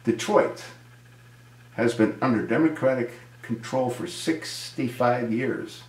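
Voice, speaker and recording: A man's voice: medium pitch, takes it slowly, darkish tone, reverberant, faint music behind, low-quality recording. A man giving an indignant political commentary monologue, answering a viewer and asking rhetorical questions. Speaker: video commentator.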